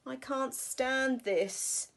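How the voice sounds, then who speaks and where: A woman voicing a weary, grumbling father bear in a storybook reading, complaining slowly and drawn out. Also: fairly high pitch, fairly even intonation. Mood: exasperated.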